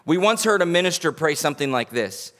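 A man's voice: a little high, expressive, fairly quick, a bit bright. A male pastor, preaching a sermon in a folksy, humorous storytelling way. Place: church sanctuary.

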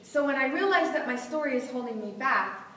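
A middle-aged woman giving a motivational talk to a live audience, animated and laughing often as she acts out inner voices. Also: high-pitched, brisk. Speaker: motivational speaker. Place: seminar room with audience. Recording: echoey hall, voice from far off.

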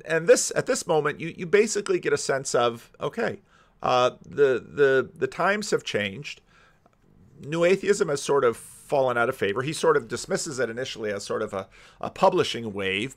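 A man hosting a commentary channel, talking casually and musing over a debate clip, restarting his sentences often. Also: mid-range voice. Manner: musing, restarts often, animated when he mimics others.

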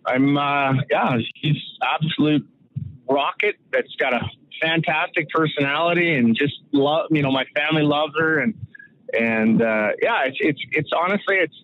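Middle-aged man from Saskatoon, rambling storyteller with a slightly high voice, dry, tinny phone-line sound. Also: normal speed. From Saskatoon, Canada. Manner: rambling, full of fillers and restarts, acts out quoted voices. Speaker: guest, former pro hockey enforcer. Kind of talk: casual storytelling interview.

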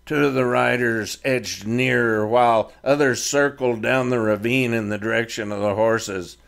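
A man narrating his own Western fiction chapter in a measured storytelling read. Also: mid-range voice, steady tone, gravelly, a bit bright. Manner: slow, measured reading of fiction. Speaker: author and narrator. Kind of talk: scripted narration.

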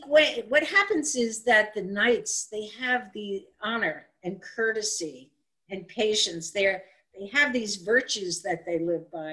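A woman telling a folk tale aloud on a live stream, in an animated, chatty way with asides and restarts. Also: medium pitch, low-quality recording. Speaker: storyteller. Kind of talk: casual live-streamed storytelling.

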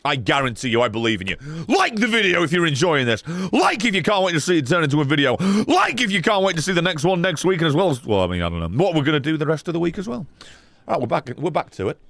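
Game streamer, excitable and foul-mouthed, swoops all over. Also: male voice, a little high, fast talker, vocal fry, no echo. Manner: excitable, swearing, yelling at the game. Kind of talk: live gameplay streaming chat.

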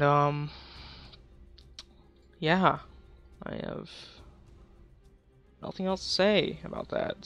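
A man's voice: a little high, creaky, a bit bright, clean tone. A young man casually commenting on his game livestream, goofing around with silly trash talk and laughing at his own jokes. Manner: goofy, self-amused trash talk. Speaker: gaming livestreamer.

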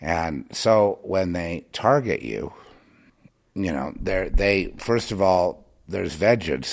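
A man's voice: low-pitched, expressive, slow, creaky. A man hosting a podcast monologue, rambling and impassioned, sarcastically scolding his listener, with many restarts. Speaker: podcast host.

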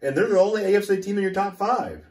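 A relaxed man in his own everyday voice that rises and falls a lot, laughing easily through the banter. He sounds set back from the mic in a room with a clear echo. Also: high-pitched, fast. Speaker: co-host of a sports picks show. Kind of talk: casual sports banter. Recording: distant mic in an echoey room.

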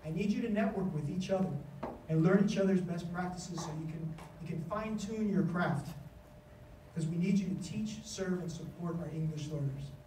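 A man's voice: sits high, moderate pace, far from the mic, slight background noise. Man speaking animatedly in an echoey hall. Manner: animated storytelling, acts out quoted voices. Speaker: education official giving a speech. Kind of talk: conference speech. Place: conference hall.

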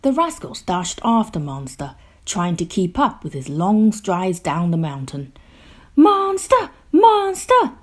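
Storyteller, woman; unhurried, lively pitch, breathy, children's picture book read-aloud. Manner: slow, gentle and expressive, drops to a hush.

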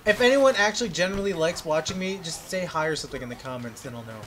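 Giggly guy doing a let's play, high voice that jumps all over, swears a lot. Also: expressive, fast, fairly bright tone, a little hiss or hum. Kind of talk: casual gaming commentary.

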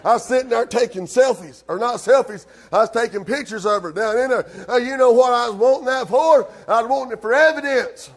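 High-voiced pastor preaching. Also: male voice, a little fast, few pauses. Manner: fervent preaching, calls out congregants by name; drawling with frequent "uh" and "amen". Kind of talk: sermon. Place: church sanctuary.

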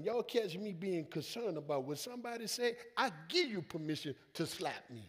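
The long reverb of a church sanctuary surrounds a high-pitched senior pastor delivering an animated sermon at normal speed with few pauses. In call-and-response fashion, he swings from soft asides to loud, emphatic calls and acts out quoted voices in easy vernacular.

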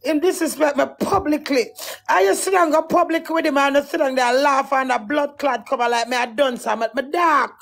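A Jamaican woman guest who is tearful and distraught. Her voice sits high with a gravelly edge. She rants in agitated patois and swears heavily. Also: fairly quick, a bit bright. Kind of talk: emotional interview talk.

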